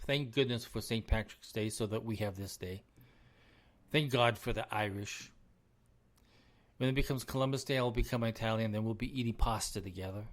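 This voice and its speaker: A man's voice: mid-range voice, a bit bright. A middle-aged man hosting his own podcast, delivering an emphatic, repetitive opinion rant with frequent chuckles. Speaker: podcast host.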